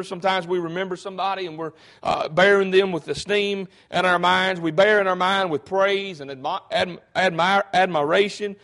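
A man preaching a sermon, moving from calm word study to loud, fervent calls to his congregation, full of rhetorical questions. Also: high voice. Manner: frequent fillers and restarts, rhetorical questions to the congregation.

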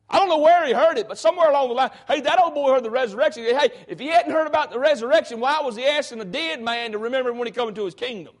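A man's voice: extremely high pitch, racing, few pauses. A man preaching a sermon, fervent and folksy, often breaking in with "hey".

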